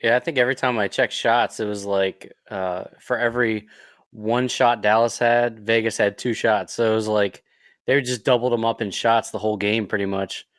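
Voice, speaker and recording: A man co-hosting a podcast, adding relaxed, offhand remarks in a casual sports chat. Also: fairly low pitch, moderate pace, no room sound, clean studio sound. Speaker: podcast co-host.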